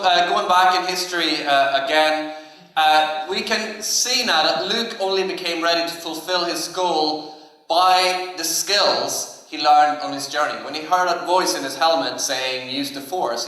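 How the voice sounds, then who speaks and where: Man with slightly high voice in a hall. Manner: relaxed, hesitant, many fillers. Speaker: conference speaker. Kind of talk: conference talk. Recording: echoey hall.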